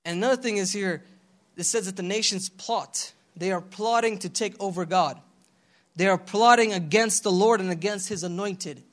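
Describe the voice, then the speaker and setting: A young adult man preaching a casual youth sermon in a slangy, animated way, calling for responses from the congregation. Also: sits high, normal speed. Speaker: pastor.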